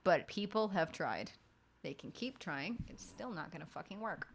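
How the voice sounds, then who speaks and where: A woman's voice: lowish voice, lively intonation, moderate pace, creaky, a little hiss or hum. A young woman streamer chatting casually and frankly late at night, swearing often and rambling through stories.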